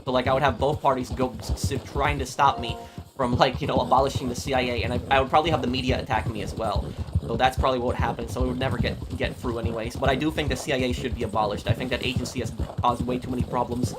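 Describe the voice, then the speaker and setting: A man streaming a game, chatting casually and answering super chats in a halting, opinionated, rambling way. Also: medium pitch, fairly even intonation, noisy background. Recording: game sounds with horses behind.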